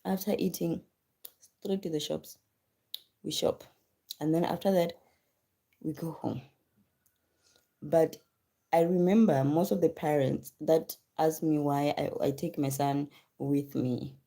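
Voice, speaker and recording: A woman's voice: low voice, fairly even intonation, slow, creaky, pauses often, dark tone. Chatty mother hosting a live stream. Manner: chatty, repeats words for emphasis; thanks commenters by name. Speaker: livestream host and mother. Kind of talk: casual live-stream chat with viewers.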